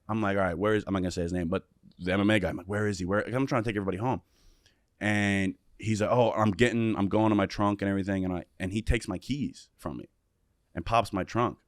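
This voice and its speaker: Low-voiced man telling a wild story. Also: no echo, studio quality. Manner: animated, profane, acts out quotes. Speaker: podcast guest. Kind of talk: casual storytelling.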